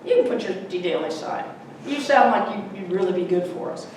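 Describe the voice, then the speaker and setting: A middle-aged woman giving a Sunday talk in a church, a lively storyteller who acts out the voices in her anecdotes. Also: on the low side, a little fast, slight background noise. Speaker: guest speaker. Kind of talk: Sunday talk with personal stories. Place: church sanctuary. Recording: echoey hall, mic from far off.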